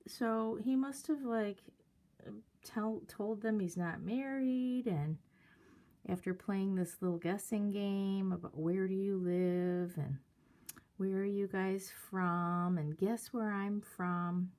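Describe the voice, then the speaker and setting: Slow, mellow woman telling a story. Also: medium pitch, steady tone. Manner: hesitant, many fillers. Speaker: vlogger. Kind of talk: casual storytelling.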